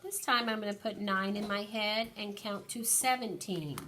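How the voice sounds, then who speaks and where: A woman teacher slowly and patiently counting aloud through an early-grade lesson for young children. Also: medium pitch, a bit bright.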